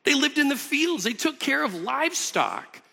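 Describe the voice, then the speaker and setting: A man's voice: very high-pitched, very animated, normal speed, vocal fry, bright, forceful tone, long reverb tail. A man preaching a sermon as pastor, teaching earnestly with emphatic repetitions in a church auditorium.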